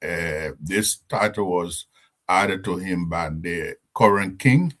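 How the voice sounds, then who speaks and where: A man with a Liberian English accent and a deep voice, a talk show guest who hesitates with many fillers. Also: slow, fairly bright tone. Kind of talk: casual talk show chat.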